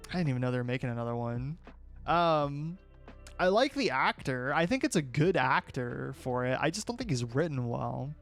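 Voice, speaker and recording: A man's voice: mid-range voice, animated, normal speed, fairly bright tone, faint music behind. A young man streaming and chatting casually with his viewers, opinionated and rambling, often restarting his sentences.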